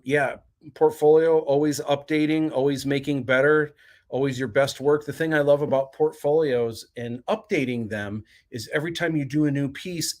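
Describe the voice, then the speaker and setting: Guy doing a chill livestream, reads out comments and chats back, middle pitch voice. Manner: reads viewer comments aloud and answers chattily. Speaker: livestream host. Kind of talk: casual livestream chat.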